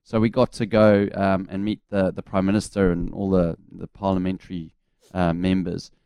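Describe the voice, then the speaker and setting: A man's voice: low-pitched, little pitch movement, normal speed, gravelly, dark tone, smooth, no room sound. A man in his forties with a New Zealand accent, a former cricketer telling laid-back anecdotes as a guest on a casual radio chat.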